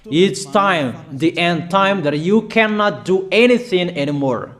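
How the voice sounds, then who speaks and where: Male preacher, prophetic sermon; slow, weighty declarations, a touch high in pitch. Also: animated. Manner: slow, emphatic declaring with pauses and fillers.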